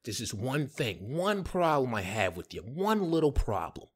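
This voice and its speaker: A man's voice: mid-range voice, very animated, normal speed, breathy edge. A man voicing an earnest male restaurant manager who coaxes and stretches out his words. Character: earnest adult male restaurant manager, dead serious about shimmies.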